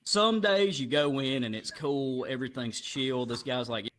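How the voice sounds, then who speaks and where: A man's voice: mid-range voice, normal speed. A man telling a stand-up story, acting out the people in it with shifting voices. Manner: animated, acts out characters with shifting voices. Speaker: stand-up comedian. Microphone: VR headset mic. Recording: live crowd audible. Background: crowd laughter.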